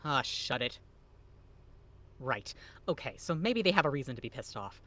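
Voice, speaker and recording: A man's voice: medium pitch, big pitch swings, moderate pace, sharp tone. A man voicing a brash young man in a game, reading the lines aloud with a sarcastic edge.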